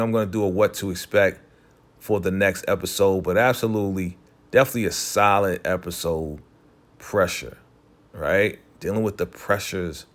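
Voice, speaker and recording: A man casually recapping a TV episode, loose and chatty, filling his talk with "you know" and "right?" and briefly voicing characters as he retells scenes. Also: on the low side. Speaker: TV recap host.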